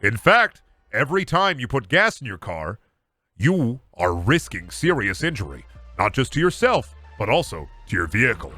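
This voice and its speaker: A man putting on a smooth, slick car-warranty telemarketer with a sales patter. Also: mid-range voice, sing-song, normal speed, pushed and bright, no echo, soft background music.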